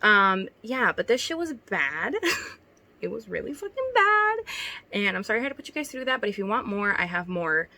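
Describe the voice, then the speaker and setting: A woman's voice: medium pitch, big pitch swings, normal speed, pushed and bright. A young woman reading her old writing aloud and commenting on it, giggling, swearing and mocking herself. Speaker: YouTuber.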